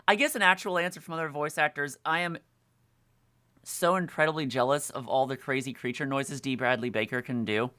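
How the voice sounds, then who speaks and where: Voice actor guest, podcast chat, bright, animated, laughs a lot, fillers. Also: medium pitch, fairly quick.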